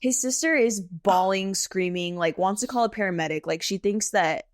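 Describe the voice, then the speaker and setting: A woman in her thirties, a tattoo artist, chatting casually on a podcast and telling stories in an animated way, often saying "like" and "okay?". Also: medium pitch, normal speed, dry recording, studio quality. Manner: animated storyteller, frequent "like" and "okay?". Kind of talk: casual podcast chat, storytelling.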